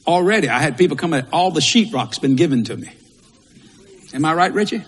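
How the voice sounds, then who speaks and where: A man's voice: on the high side, expressive, fairly quick, husky. A male pastor, preaching a sermon in a folksy, repetitive way with Southern turns of phrase. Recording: long hall reverb.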